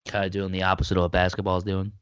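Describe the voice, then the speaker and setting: A man co-hosting a casual sports chat in a dry, measured way, with a sarcastic edge. His voice sits somewhat low. The sound is close and dry. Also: completely flat delivery, smooth, no room sound. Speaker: podcast co-host.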